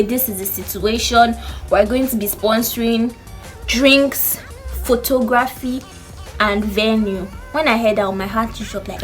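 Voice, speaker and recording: A young woman with a Nigerian accent telling a story to camera in an animated way, acting out what people said. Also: a little high. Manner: animated storytelling, acts out quotes. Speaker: vlogger. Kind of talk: storytime chat.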